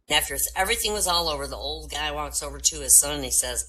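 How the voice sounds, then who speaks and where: A woman comedian telling jokes in an animated storytelling manner, slipping into character voices, in an online voice room. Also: sits low, quick pace, few pauses, rough recording. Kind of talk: stand-up joke telling.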